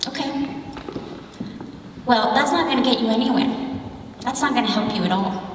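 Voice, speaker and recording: A woman's voice: fairly high pitch, normal speed, background noise, natural voice. A woman voicing her own mother, a firm and practical parent giving advice in a matter-of-fact way. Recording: echoey hall from far off.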